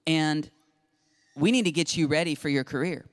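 A middle-aged man preaching a sermon, telling a story with lively acted-out dialogue. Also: fairly high pitch, normal speed. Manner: animated storytelling, acting out dialogue. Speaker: pastor. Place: church sanctuary.

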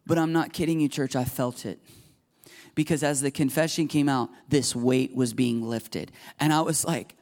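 A man's voice: on the high side, steady tone, normal speed. A man in his thirties preaching a sermon as a pastor, earnest and confessional, acting out quoted prayers.

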